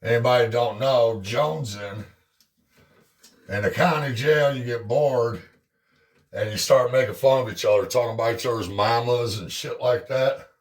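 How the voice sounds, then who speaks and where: A man's voice: medium pitch, normal speed. A middle-aged man telling a casual story at home while working on a dryer, profane and rambling, laughing often. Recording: roomy sound from a distance.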